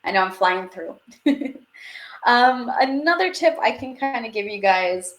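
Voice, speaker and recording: A woman's voice: a little high, expressive, measured pace. A woman teaching a live online French class, chatty and upbeat, reading out viewer questions as she goes.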